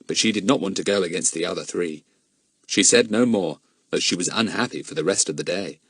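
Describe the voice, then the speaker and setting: A man narrating a children's adventure audiobook in an expressive storytelling manner. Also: sits low, breathy edge, no room sound, clean studio sound. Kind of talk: scripted narration.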